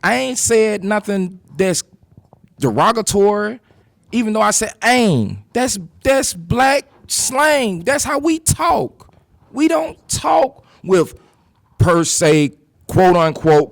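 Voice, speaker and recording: A man's voice: sits high, creaky, no echo. A man speaking on a panel, emphatic and direct, repeating himself for force. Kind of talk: impassioned panel talk.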